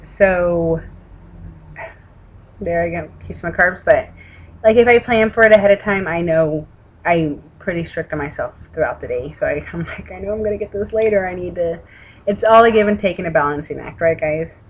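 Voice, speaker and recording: A woman's voice: lowish voice, normal speed, slightly rough, rough recording. Tired, chatty Texan woman vlogging. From Texas. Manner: chatty, rambling, casual swearing. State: tired, yawning. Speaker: weight-loss vlogger. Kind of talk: casual rambling chat to camera. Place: home room with an open window. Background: outside noise through the window.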